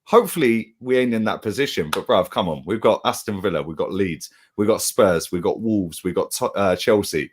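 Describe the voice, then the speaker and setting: A man's voice: fairly low pitch, a little fast, hardly any pauses, husky. A young man, co-hosting a casual football chat in a heated, slangy way with plenty of swearing. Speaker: football fan channel co-host.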